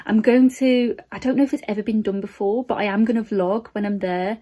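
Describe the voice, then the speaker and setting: Emotional woman, warm mellow tone. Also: medium pitch, fairly even intonation, brisk. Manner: earnest, emotional, rambling, breaks into laughs and soft near-whispers. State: emotional, close to tears. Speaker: nursing student vlogger. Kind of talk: emotional motivational vlog.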